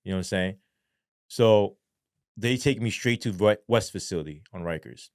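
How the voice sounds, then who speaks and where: Profane, animated man telling his story. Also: lowish voice, normal speed, no room sound, clean studio sound. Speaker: guest, former police sergeant. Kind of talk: storytelling interview.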